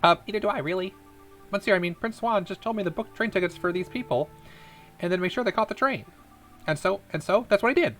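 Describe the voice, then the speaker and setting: A man voicing a jittery little mouse assistant in a game, in a squeaky, stammering voice. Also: fast talker, fairly bright tone, faint music behind. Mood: eager.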